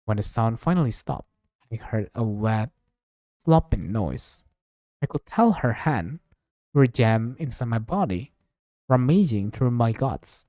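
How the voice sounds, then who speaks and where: Brief: man reading a visual novel aloud on stream, deliberate and unhurried pace, voice rising and falling widely between characters, mellow tone. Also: medium pitch, dry recording, clean studio sound. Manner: slow, expressive reading, voicing several characters. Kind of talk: dramatic read-aloud of game text.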